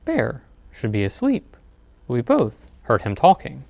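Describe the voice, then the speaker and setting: A man's voice: mid-range voice, huge pitch swings, slow pace, vocal fry, a little mellow, dry recording, heavily acted. A man voicing a friendly male hare in a plain, conversational tone. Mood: concerned.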